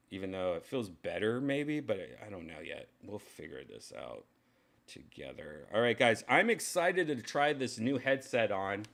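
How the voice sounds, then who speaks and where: Man streaming, casual rambling chat, bright voice, lively pitch, swears now and then. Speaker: vlogger testing a VR headset mic.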